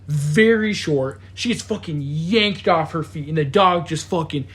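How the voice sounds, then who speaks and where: A man's voice: fairly high pitch, measured pace, breathy edge. A young man casually telling a wild story to friends on a podcast, swearing often, stumbling over restarts and acting out sounds. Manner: animated, swears a lot, mimics sounds, many restarts. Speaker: podcast co-host.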